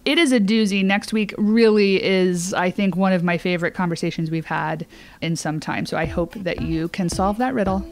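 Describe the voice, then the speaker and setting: A woman's voice: on the low side, steady tone, normal speed. A woman co-hosting a podcast, chatting enthusiastically and telling stories. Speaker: podcast co-host. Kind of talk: casual podcast chat.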